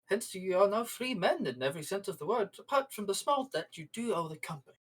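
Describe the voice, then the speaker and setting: A game master voicing a smug, polite male corporate manager who speaks slowly and with faint menace. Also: mid-range voice, lively intonation, voice pushed up, close to an everyday voice, low-quality recording. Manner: courteous, drawn-out, faintly menacing.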